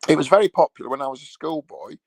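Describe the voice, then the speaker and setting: Lying on his bed at home, this middle-aged Englishman rambles to his livestream viewers in a crude, meandering, sweary way. He speaks fast in a slightly high, creaky voice with a darkish tone, recorded dry.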